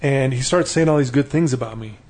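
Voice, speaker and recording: A man's voice: mid-range voice, fairly quick, a little mellow, husky. A middle-aged man telling his life story in a casual conversation, earnestly acting out the dialogue he quotes. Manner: earnest, acts out quoted dialogue with laughing asides.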